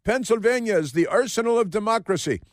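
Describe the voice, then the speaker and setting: A man's voice: high-pitched, animated, fast talker, no room sound, clean studio sound, pitched above the performer's own voice. A man putting on a mocking impression of a politician with an exaggerated put-on accent.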